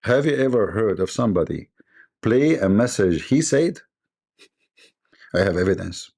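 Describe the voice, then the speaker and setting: Gravelly and darkish, his fairly low voice moves at a moderate pace with lively intonation. Hosting a livestream, he mocks and jeers sarcastically, frequently laughing and imitating others.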